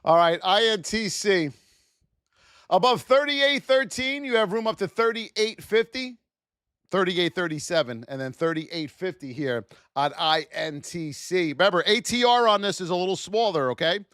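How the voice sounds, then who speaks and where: High-pitched guy calling stock levels on a live stream, super bouncy and hyped, dry close sound. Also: moderate pace, smooth, dry recording. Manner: energetic, hype-filled, sing-song. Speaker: trading livestream host. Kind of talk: live market commentary.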